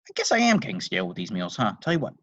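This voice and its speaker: Goofy clumsy dad, high and excitable, eager to please, a man plays him. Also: rapid-fire, no room sound, dull audio, full character voice. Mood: eager cheerful. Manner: eager and upbeat, squeaky when hurt.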